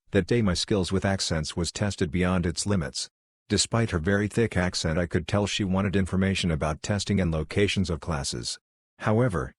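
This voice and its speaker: Male narrator, deep and dry, steady plain read of online posts. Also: breathy edge, dry recording. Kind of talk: reading online posts aloud.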